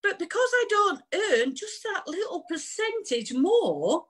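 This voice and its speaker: A woman in her forties, an army veteran, telling her story in an emotional, halting way, close to tears. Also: very high-pitched, very animated, a bit bright. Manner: emotional, halting, repeats words.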